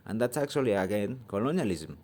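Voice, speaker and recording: Mexican guy ranting on his channel in second-language english, lots of ums, swears, soft dark tone. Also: fairly low pitch, very animated. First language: Spanish. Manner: halting, searching for words, many ums; blunt, swears freely. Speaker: channel host. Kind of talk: opinion vlog rant.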